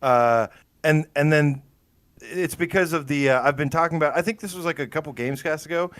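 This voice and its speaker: A man's voice: on the high side, brisk, a bit bright, no room sound. A man co-hosting a casual gaming podcast, telling stories with lots of fillers and rambling enthusiasm. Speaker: podcast co-host.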